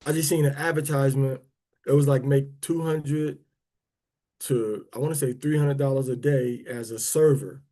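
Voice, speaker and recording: Man, casual online talk, dark mellow voice, drawn-out emphasis, rambling. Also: mid-range voice, fairly even intonation. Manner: rambling and conversational, with many restarts. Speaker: speaker of a prayer and teaching livestream.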